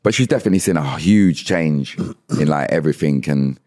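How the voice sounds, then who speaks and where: Very deep voiced guy in his late 30s, relaxed, lots of restarts, guesting on a podcast. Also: fairly quick. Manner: laid-back, hesitant with restarts. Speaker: guest musician. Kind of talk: casual podcast chat.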